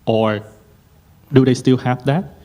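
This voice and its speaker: A man's voice: mid-range voice, fairly even intonation, slow pace, dark tone. A man asking his teacher a question, hesitant and full of fillers.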